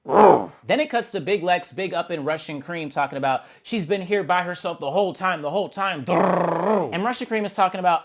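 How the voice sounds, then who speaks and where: Sassy, profane man with a higher voice. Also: normal speed. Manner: sassy, blunt and profane, calls people honey and child; animated, dramatic reactions. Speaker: reality TV recap host. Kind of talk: casual episode review commentary.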